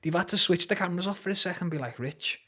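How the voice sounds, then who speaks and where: A man's voice: high-pitched, rapid-fire, a bit bright. A young man with a Liverpool Scouse accent telling a story in casual, swearing, slang-heavy chat. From Liverpool, England. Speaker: guest, MMA fighter.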